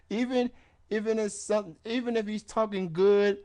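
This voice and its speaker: Man, wrestling radio host, slow drawl, fairly high voice, rambling casual chat, chuckles at himself. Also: darkish tone. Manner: rambling, laughs at own jokes.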